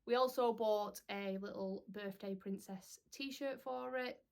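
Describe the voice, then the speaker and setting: A woman's voice: mid-range voice, slow pace, vocal fry. A young woman, chatting casually to camera as a parenting vlogger, rambling with lots of "um"s.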